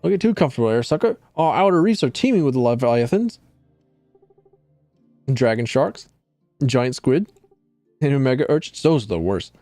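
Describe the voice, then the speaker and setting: A man voicing an excitable young male fish-person, eager and exclamatory, reading game dialogue aloud. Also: medium pitch, moderate pace, pauses often, no room sound, soft background music. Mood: storytelling.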